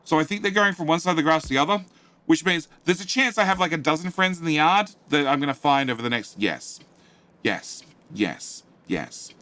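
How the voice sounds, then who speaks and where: Male game streamer, casual rambling chat to viewers, fairly high and bright voice, offhand swearing. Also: expressive, brisk, no echo. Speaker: gaming live streamer. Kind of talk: casual live-stream chat, reading chat aloud. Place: home studio.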